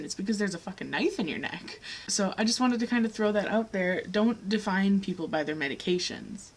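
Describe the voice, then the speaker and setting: A woman's voice: medium pitch, breathy edge, low-quality recording. A young woman talking frankly to camera in a personal vlog, earnest and blunt, with occasional swearing. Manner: frank, earnest, swears, rising heat when making a point. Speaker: vlogger.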